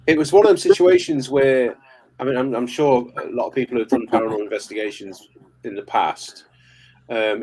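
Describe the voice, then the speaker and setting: A man's voice: mid-range voice, darkish tone, husky, low-quality recording. A man, a paranormal investigator, chatting on a live call in a rambling, stop-start way full of restarts. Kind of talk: casual storytelling chat. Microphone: remote live call.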